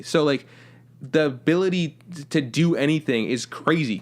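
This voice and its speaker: A man's voice: on the high side, moderate pace. Male podcast host, loose and profane, talks in long rambling runs full of fillers. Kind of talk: casual chat.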